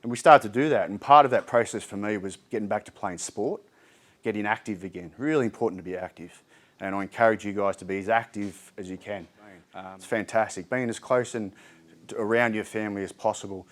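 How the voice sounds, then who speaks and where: Chatty Australian man, lowish voice. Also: a little fast. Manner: candid, chatty, frequent ums and restarts. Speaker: mental health speaker. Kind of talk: informal community talk. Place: indoor community hall.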